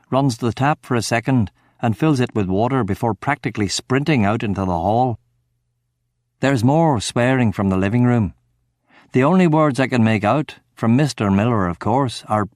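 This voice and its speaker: Measured male audiobook narrator. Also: mid-range voice, darkish tone, no echo, clean studio sound. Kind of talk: first-person audiobook narration.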